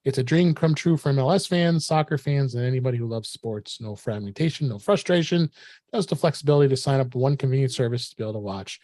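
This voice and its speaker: A man's voice: a little high, darkish tone, no echo. A man hosting a tech news podcast, talking in a casual, chatty way with many fillers. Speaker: podcast host.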